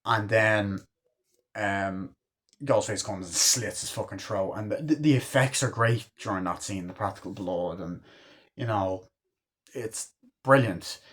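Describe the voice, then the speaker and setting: A man's voice: fairly low pitch, unhurried, a bit bright, slightly rough. A man in his twenties reviewing a movie in a casual, rambling way, full of filler words and casual cursing. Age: 20s.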